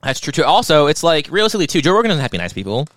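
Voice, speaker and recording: Lively, bright-voiced man riffing. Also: fairly high pitch, rapid-fire, no echo, studio quality. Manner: animated, mocking impressions, profane. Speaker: podcast co-host. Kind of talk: crude casual chat.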